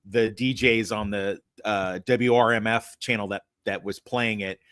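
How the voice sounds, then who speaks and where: A man in his late forties chatting casually on a podcast, telling stories with lively swearing and impressions. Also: on the low side, a little slow, clean tone, no room sound, clean studio sound. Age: 40s. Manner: animated storyteller, swears freely, does impressions. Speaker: podcast co-host. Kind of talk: casual chat.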